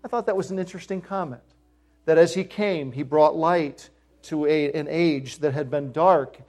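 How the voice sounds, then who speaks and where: Middle-aged male pastor, sermon delivery, slightly higher voice, emphatic rises on key points. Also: moderate pace, a little mellow. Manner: emphatic preaching, rises in pitch and volume on key phrases.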